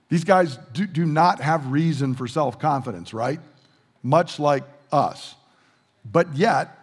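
A male pastor preaching a sermon, animated, acting out quotes and asking rhetorical questions in a church sanctuary. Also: fairly high pitch, slightly rough. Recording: long reverb of a large hall.

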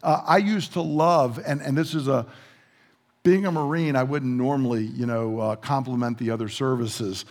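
A male pastor preaching a sermon, animated, acting out quotes and asking rhetorical questions in a church sanctuary. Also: mid-range voice, normal speed. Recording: long reverb of a large hall.

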